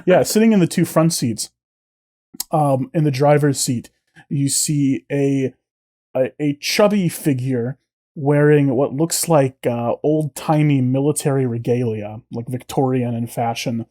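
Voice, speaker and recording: Casual male game master, middle-pitched, hesitant. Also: measured pace, dark tone. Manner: hesitant, many fillers and restarts. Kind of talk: narrating a tabletop game.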